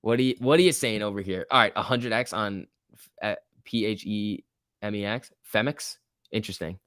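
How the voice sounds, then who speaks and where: Young male streamer, low-pitched, dry close-mic sound, loose chatty delivery reading chat and cheering on trades. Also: normal speed, a bit bright, smooth, dry recording. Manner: chatty, reacts to chat and price moves, cheering the chart on. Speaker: stock market livestream host. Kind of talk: casual live-stream chat reading viewer comments.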